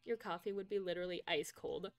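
A woman's voice: on the low side, fast, no echo. Chatty young woman streamer, lots of laughs. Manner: chatty, laughs often, reads out chat. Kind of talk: casual chat with viewers. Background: faint game music.

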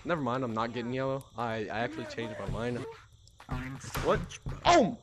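A man playing a VR game in a small room at home, recording through a headset mic as he yells and trash-talks at other players. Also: mid-range voice, expressive, normal speed, over music. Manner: rowdy, trash-talking, yelling at other players. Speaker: gamer. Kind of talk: VR gameplay commentary.

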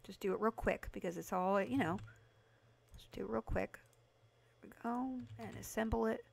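A woman livestreaming a house renovation game, chatting casually with her viewers and breaking into excited bursts. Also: mid-range voice, moderate pace, gravelly. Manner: chatty, talks to chat by name, excited bursts. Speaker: livestream host playing a video game. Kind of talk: casual live game commentary.

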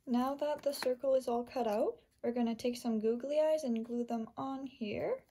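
A woman librarian reading a picture book aloud for children and then walking through a simple craft, in a gentle, unhurried story-time delivery. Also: on the high side, fairly even intonation, slight background noise.

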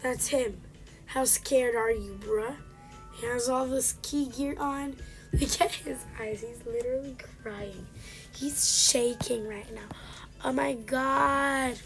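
A woman's voice: fairly high pitch, fairly even intonation, slow pace. A woman casually commenting on a game she plays, chatting along and scolding the characters on screen. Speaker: gaming channel host. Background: game music.

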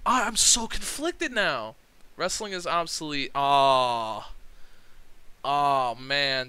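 A young man streaming a game, reading its text aloud and gushing with excitement, swearing freely and rambling. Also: on the high side, takes it slowly, clear, resonant tone, no echo, rough recording.

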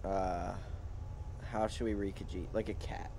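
A man's voice: low voice, fairly even intonation, unhurried, dark tone, slight background noise. A man co-hosting a podcast, casually prodding his friends to read in funny voices. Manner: prodding, laughs easily. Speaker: podcast co-host picking readings. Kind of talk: casual banter.

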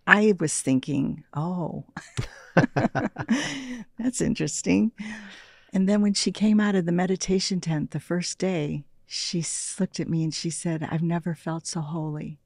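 A woman in her sixties, an interview guest, who tells personal stories in a soft, reflective way and often drops to a near-whisper. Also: on the low side, steady tone, a little slow, gravelly, no room sound, studio quality. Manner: soft-spoken, often trails into quiet near-whispers, laughs lightly. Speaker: interview guest, meditation practitioner.

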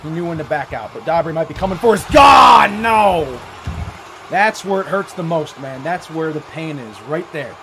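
A man giving excited, swearing play-by-play commentary on a wrestling match, shouting at the big moves. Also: on the high side, moderate pace, very noisy. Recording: music playing behind the voice.

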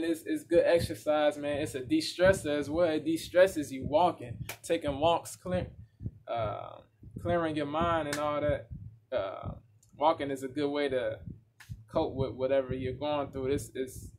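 A man hosting a casual reaction video, talking in excited slang and repeating himself as he breaks down what he hears. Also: on the high side, noisy background. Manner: hyped slang-heavy talk, repeats himself. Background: music playing.

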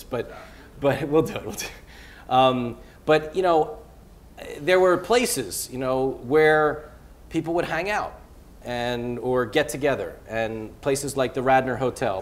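A man, a venture capitalist guest on stage, speaking in an animated, rambling way full of fillers and restarts. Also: medium pitch, a little hiss or hum. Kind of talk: onstage interview. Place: event hall before a live audience.

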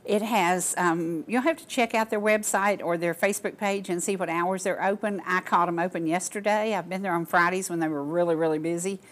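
A woman's voice: on the low side, steady tone, fairly quick, few pauses. An older woman from Georgia, hosting a local talk show and chatting casually to viewers in a gushing, folksy way. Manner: gushing, folksy, addresses audience as y'all.

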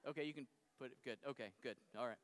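A man's voice: mid-range voice, rapid-fire, a little hiss or hum. A man, a pastor, narrating a story during a sermon in a playful, self-interrupting way. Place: church sanctuary. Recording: reverberant church hall.

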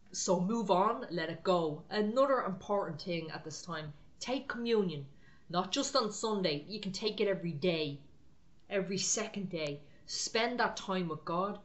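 Woman preaching in short exhortations. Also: on the low side. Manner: exhorting, repeats short phrases. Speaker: online preacher. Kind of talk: prophetic encouragement sermon.

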